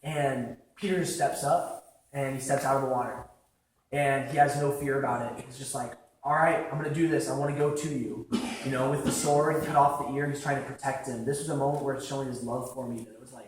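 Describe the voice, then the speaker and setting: A man's voice: medium pitch, a little hiss or hum. Casual young man preaching in echoing hall. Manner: conversational, full of "like" fillers, acts out quick quotes. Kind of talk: casual youth sermon. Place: large echoing church hall. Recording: very echoey hall from far off.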